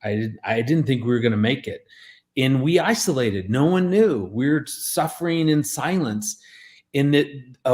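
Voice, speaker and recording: A man in his forties, a marriage expert and radio guest, telling stories earnestly and with energy, often restarting his sentences. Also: medium pitch. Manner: earnest, animated storyteller with many restarts. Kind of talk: radio interview storytelling.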